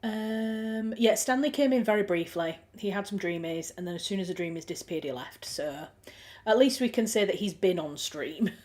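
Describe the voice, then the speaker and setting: A woman's voice: mid-range voice, expressive, normal speed, darkish tone. Chatty Yorkshire woman hosting a livestream. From Yorkshire, England. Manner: chatty, friendly, thinks aloud with many ums and restarts. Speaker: livestream host. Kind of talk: casual chat reading viewer comments.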